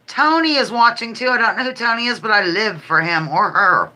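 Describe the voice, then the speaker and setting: A woman's voice: fairly high pitch, fairly quick, pushed and bright. A middle-aged woman hosting a casual home livestream, chatty, playful and rambling. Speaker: livestream host. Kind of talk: casual live-stream chat.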